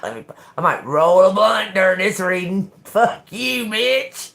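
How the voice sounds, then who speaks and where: An older woman reads tarot cards on a live stream, drawling slowly through each card. She swears freely and talks back with a confrontational, mocking edge, laughing as she goes. Her pitch sits in a middle range. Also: expressive, gravelly, fairly bright tone. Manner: slow, profane, confrontational, laughing. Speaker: tarot reader.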